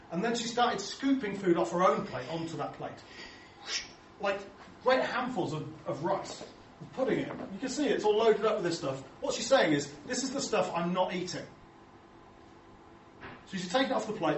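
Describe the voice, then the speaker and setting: An Englishman giving a humorous talk to an audience, telling chatty, self-mocking stories and acting out the voices he quotes. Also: high-pitched. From England. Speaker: speaker showing photos to an audience. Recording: echoey hall, distant mic, faint noise.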